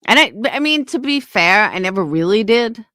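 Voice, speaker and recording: A woman's voice: medium pitch, animated, normal speed, sharp tone, dry recording, clean studio sound. A middle-aged woman rants to camera as a YouTuber, blunt and heated and swearing often. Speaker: YouTuber and small business owner. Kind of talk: ranting to camera.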